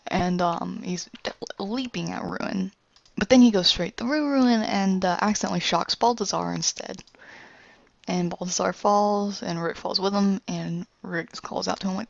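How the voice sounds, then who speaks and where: A woman walks through a scene from her animation pitch in a loose, casual way, full of ums and uhs. Her lowish voice has a gravelly edge. The recording is dry and dull, with a lo-fi sound. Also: no echo. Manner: loose storytelling with many fillers.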